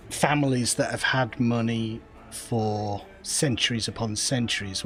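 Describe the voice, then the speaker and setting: A man with a northern English accent chatting casually with a friend on a gaming stream, patiently explaining words. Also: mid-range voice. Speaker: streamer playing a space game. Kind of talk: casual chat.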